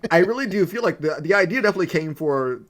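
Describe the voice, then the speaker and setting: A man co-hosting a podcast, talking about a film in an animated, incredulous way and swearing casually. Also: high voice, quick pace, slight background noise. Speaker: podcast co-host. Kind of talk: casual film-review chat.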